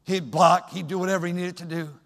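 High-voiced preacher in a reverberant hall. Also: male voice, steady tone, fast talker, vocal fry. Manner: swings from soft storytelling to loud shouted exhortation. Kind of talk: sermon. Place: church sanctuary.

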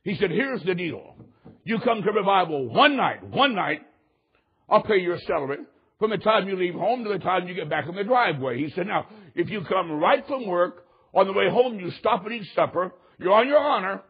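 A preacher with a high, husky voice tells a story from the pulpit, rising to shouts and then dropping low. The sermon recording sounds dull and lo-fi. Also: male voice, brisk. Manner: animated storyteller, swings from loud to hushed.

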